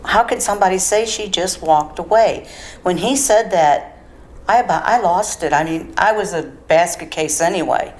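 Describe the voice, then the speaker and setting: A woman's voice: on the low side, moderate pace. A woman in an interview clip, speaking indignantly and with exasperation about how police handled a case. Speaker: family member. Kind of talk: interview recollection.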